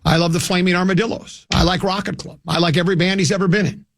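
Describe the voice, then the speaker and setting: A man's voice: high voice, steady tone, fast talker, creaky, no echo, studio quality. An older man from hosting a radio show, telling a rambling, self-mocking anecdote with many restarts. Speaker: radio host.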